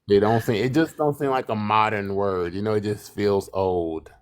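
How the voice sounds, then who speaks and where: A man's voice: on the low side, smooth. A man co-hosting a live stream in casual chat, playful, who acts out quotes in a raised voice. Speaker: livestream co-host.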